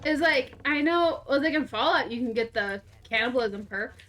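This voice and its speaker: A woman's voice: high-pitched, expressive, normal speed, a bit bright, slight background noise. A young woman streaming a game, rambling through a story in casual chat, laughing and swearing freely. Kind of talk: casual storytelling while playing.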